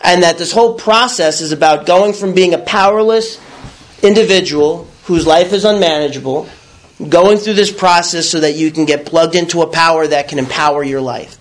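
Male speaker with a high voice giving a frank, animated recovery testimony. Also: moderate pace. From New York. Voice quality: raw, blunt storytelling with crude words. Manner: animated, acts out his own past thoughts. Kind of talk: candid personal testimony.

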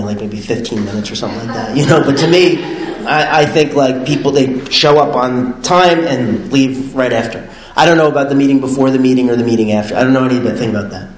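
A man casually telling his personal recovery story, rambling and animated, full of fillers and laughing often. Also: mid-range voice, reverberant, poor audio.

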